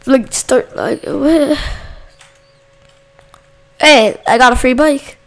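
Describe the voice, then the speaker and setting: A woman with a fairly high voice and a gravelly, fry-laden edge talks slowly through casual let's-play commentary. She chats to her viewers between moments of yelling at game characters. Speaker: gaming channel host.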